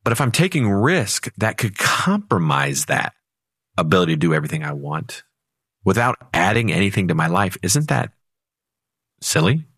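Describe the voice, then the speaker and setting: Man, financial advisor co-host, fairly low voice, conversational, dry sound. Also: sing-song, normal speed, fairly bright tone, husky, no echo. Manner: storytelling and conversational, with sudden speed-ups. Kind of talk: talk radio chat.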